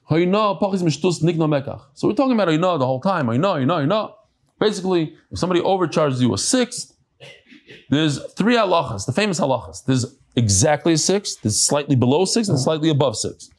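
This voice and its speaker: Casting: man giving a Talmud lecture, lively rising-and-falling voice, somewhat high, chatty. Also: normal speed. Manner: animated, chatty explanations with asides. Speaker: Talmud teacher. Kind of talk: daf yomi lecture to a live class. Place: study hall with a live audience.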